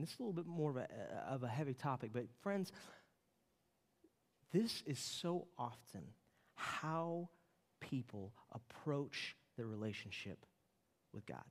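A man in his late thirties preaching a sermon, telling a family story with an animated, storytelling manner. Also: a little high. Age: late 30s. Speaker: pastor. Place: church sanctuary. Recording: long reverb of a church hall.

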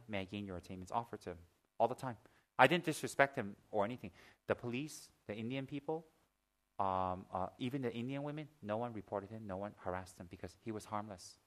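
A man teaching as a Buddhist teacher in a Dharma talk, mixing teaching with lively personal stories, joking asides and acted-out gasps. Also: on the low side. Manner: lively storyteller, acts out gasps and shouts.

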